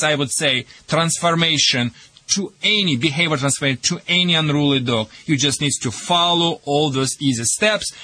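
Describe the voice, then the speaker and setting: Bright joking man with a Russian accent. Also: a little high, no echo. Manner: joking, broken English with many uh fillers. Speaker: dog trainer guest. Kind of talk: advice on a radio show.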